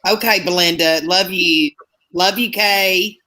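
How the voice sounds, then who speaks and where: A woman's voice: on the low side, slow. A woman co-hosting a casual livestream, reacting to callers and reading the chat aloud. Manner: animated, reads chat aloud. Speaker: livestream co-host.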